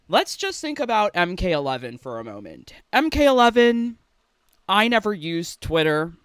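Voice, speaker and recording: High, lively-voiced sarcastic man ranting. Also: clean tone, no echo. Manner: sarcastic, rambling, giggly. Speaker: gaming YouTuber. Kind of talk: casual vlog rant. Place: home room.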